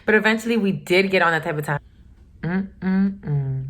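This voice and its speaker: In a fairly low voice at normal speed, a young woman vlogger shares a casual story with her channel, speaking candidly, emphatically, and with profanity.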